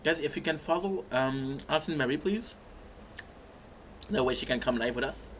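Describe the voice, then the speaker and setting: Faint background hum runs under the dull lo-fi audio of this livestream, where a young man chats casually with viewers as he eats. He speaks at a medium pitch and moderate pace, relaxed and chatty, pausing to chew and hum between bites.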